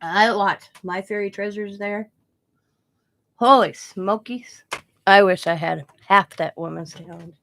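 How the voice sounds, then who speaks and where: A woman's voice: medium pitch, steady tone, normal speed, creaky, hardly any pauses, fairly bright tone. An older woman from Wisconsin, a craft channel host, rambling through family stories while crafting and laughing at her own tales. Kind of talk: casual chat while crafting live.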